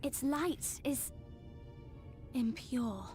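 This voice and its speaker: An actress playing a gentle, earnest young woman who speaks softly and haltingly. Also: high voice, lively intonation, soft background music, exaggerated voice. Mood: hushed alarm.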